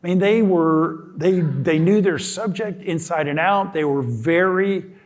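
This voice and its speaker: A man's voice: on the high side, a little slow. A man in his sixties giving a casual talk in a lecture hall, telling a story with restarts and acted-out quotes. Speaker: guest speaker.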